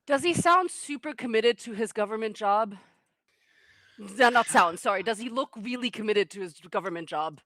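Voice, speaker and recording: A woman's voice: on the high side, lively intonation, normal speed, a bit bright, no echo. A woman playing in a tabletop game, chatty and giggly. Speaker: player.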